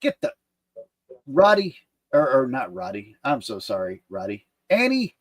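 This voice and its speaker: A man streamer chatting casually and reacting to a video, swearing freely and getting excited. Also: mid-range voice, unhurried, no echo.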